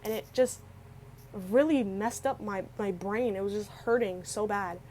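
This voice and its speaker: A woman's voice: mid-range voice, measured pace, darkish tone, a little hiss or hum, rough recording. A young woman on the verge of tears, rambling through a personal story with many restarts and filler words. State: tearful, close to crying. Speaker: vlogger. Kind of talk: emotional storytelling.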